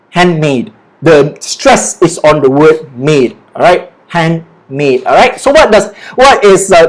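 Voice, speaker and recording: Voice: mid-range voice, rough recording. A lecturer giving a livestreamed online business lesson. The lecturer keeps checking in with "okay" and "all right" and has students repeat words aloud. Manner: peppers speech with "okay" and "all right", drills pronunciation by repetition.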